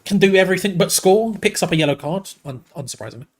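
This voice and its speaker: Excitable man doing a football watch-along. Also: high voice, fast talker. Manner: excitable, chatty, jumps between play-by-play and reading comments. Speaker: watch-along host and commentator. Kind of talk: live football watch-along commentary mixed with chat replies.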